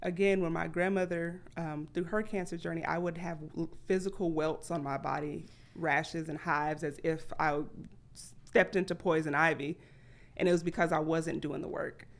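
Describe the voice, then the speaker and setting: A woman guest on a podcast, talking candidly and acting out her past thoughts with sudden jumps in pitch. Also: steady tone, moderate pace, gravelly. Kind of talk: candid conversational storytelling.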